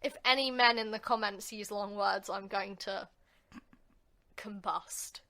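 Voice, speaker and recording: A woman's voice: mid-range voice, fairly even intonation, normal speed, bright, forceful tone. A young woman from England co-hosting a casual podcast, chatting and rambling with plenty of fillers. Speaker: podcast co-host. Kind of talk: casual chat. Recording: home podcast recording.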